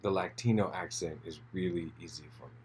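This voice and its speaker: A man's voice: deep voice, quick pace, darkish tone, husky. A man co-hosting a live stream, chiming in and laughing in casual chat. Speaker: stream co-host.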